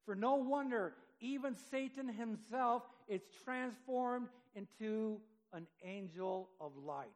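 A man's voice: very high-pitched, slow, hardly any pauses. A man preaching a sermon, reading scripture aloud and talking with his congregation in a conversational way, rising in force for emphasis. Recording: long hall reverb.

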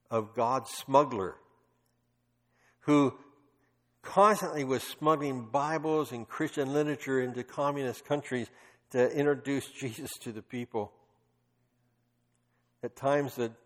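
A man preaching a sermon, telling stories emphatically with passionate bursts. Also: mid-range voice. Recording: long reverb of a large hall.

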